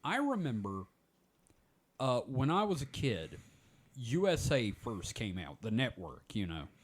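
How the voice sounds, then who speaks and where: Speaking a little slowly in a sing-song, mid-range voice, a podcast host in his forties rambles through stories in a casual chat, leaning heavily on "like" as filler.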